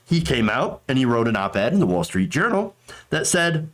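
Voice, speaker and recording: A man's voice: mid-range voice, big pitch swings, normal speed. A man hosting a political commentary show, talking in a sarcastic, mocking way.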